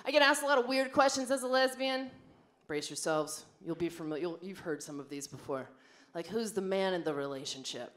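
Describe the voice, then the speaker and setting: A woman's voice: fairly low pitch, steady tone, brisk, hardly any pauses, a bit bright. A young woman doing a brash, bawdy stand-up comedy set on a club stage, acting out quotes in her stories. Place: large comedy club stage with a live audience. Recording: live club recording with audience noise.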